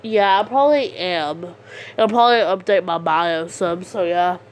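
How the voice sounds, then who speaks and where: Giggly slow-talking woman vlogger. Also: on the low side. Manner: giggly and rambling, laughing often. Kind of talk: casual vlog chat, reading out comments.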